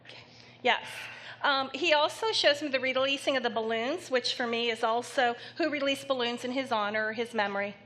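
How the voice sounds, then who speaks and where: A woman psychic medium giving a live reading to an audience member in a theater, speaking gently and haltingly with many pauses. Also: fairly high pitch. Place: theater stage before an audience.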